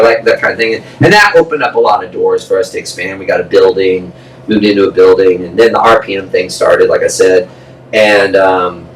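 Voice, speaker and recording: A man guest on a podcast, telling a story in a blunt, profane, casual way and acting out the voices of people he quotes. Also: on the low side. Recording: echoey room, distant mic, faint noise.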